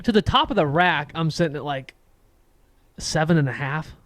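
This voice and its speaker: A man's voice: a little high, expressive, normal speed, fairly bright tone, no echo. A young man co-hosting a podcast in casual chat, joking and laughing often. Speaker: podcast co-host.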